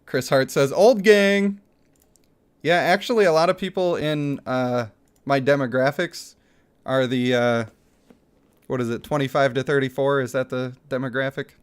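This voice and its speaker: A man's voice: mid-range voice, fairly even intonation, moderate pace, clean tone. A man in his thirties chatting casually on a livestream, reading out chat messages and laughing often. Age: 30s.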